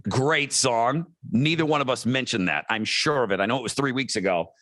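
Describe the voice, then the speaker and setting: A man's voice: mid-range voice, brisk, a bit bright, dry recording. A middle-aged man co-hosting a podcast in casual chat, loose and chatty, reading out listener messages. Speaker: podcast co-host.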